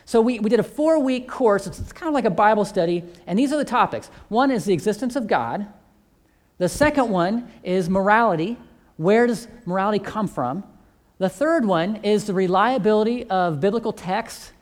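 A man's voice: sits high, animated, moderate pace. A man who teaches a church faith course, telling a testimony story and acting out both sides of the conversations.

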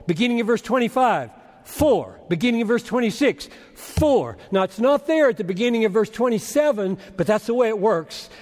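A man preaching an expository sermon as pastor, arguing point by point and swinging from loud urging to hushed asides. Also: high voice, very animated, moderate pace. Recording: long reverb of a large hall.

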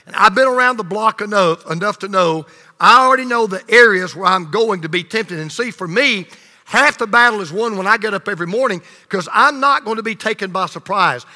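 A male pastor preaching a sermon, swinging between loud emphasis and hushed low lines, leading the congregation in call and response. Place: church sanctuary. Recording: long reverb of a large hall.

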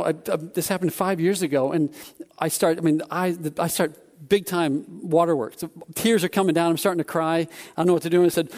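A man preaching a sermon, telling a personal story in an animated way with many restarts. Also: on the high side, moderate pace.

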